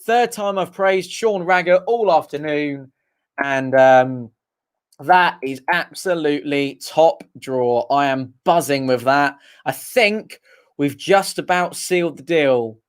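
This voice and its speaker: A young man with a high voice calls the match for viewers of a fan stream. He chats with the audience between bursts of partisan excitement. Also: slow, clear, resonant tone. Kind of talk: live fan commentary with chat.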